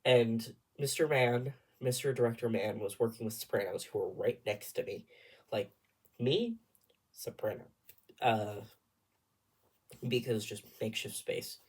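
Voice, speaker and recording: A young man with a husky, breathy voice spins a rambling story straight to camera. He talks casually and animatedly, often dropping into a whisper for asides. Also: mid-range voice, unhurried, long pauses. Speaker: vlogger.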